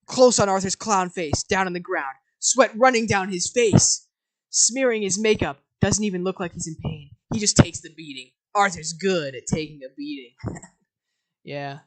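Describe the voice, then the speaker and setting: A woman live-streaming herself reading a film script aloud, switching from flat reading of scene directions to flustered asides to her chat. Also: lowish voice, rough recording.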